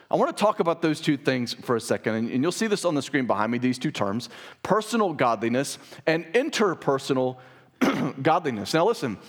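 A man preaching a sermon to his congregation, earnest and emphatic, often clearing his throat. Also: medium pitch. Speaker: pastor. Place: church sanctuary.

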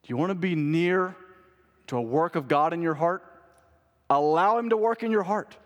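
A slightly high-voiced man preaches a sermon with earnest conviction, hammering home repeated phrases. He moves between pressing appeals and quieter, intent stretches. His voice rings out through a church hall with a long, lingering reverb. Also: moderate pace, highs cut off. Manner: earnest preaching that repeats key phrases and swings between urgent and hushed delivery. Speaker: pastor. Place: church sanctuary.

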